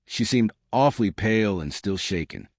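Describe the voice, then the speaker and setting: Horror audiobook narrator, male, measured; low pitch, animated intonation. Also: no echo, clean studio sound. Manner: measured storytelling. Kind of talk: scripted narration of a horror story.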